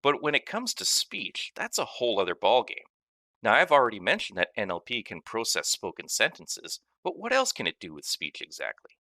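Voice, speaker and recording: A man narrating a scripted technology lesson as a course instructor, explaining with lively emphasis. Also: medium pitch, moderate pace, no room sound, clean studio sound.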